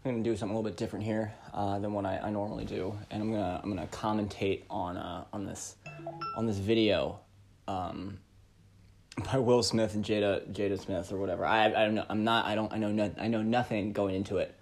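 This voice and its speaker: A man's voice: lowish voice, fairly even intonation, a little fast, vocal fry, a little hiss or hum. A man hosting a casual reaction commentary, rambling with lots of fillers and breaking into profane rants. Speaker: commentary host.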